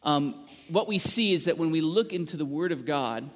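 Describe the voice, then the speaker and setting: A man preaching a sermon as pastor, in a relaxed delivery with an easy chuckle. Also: on the high side, normal speed. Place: large church hall. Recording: reverberant hall from a distance.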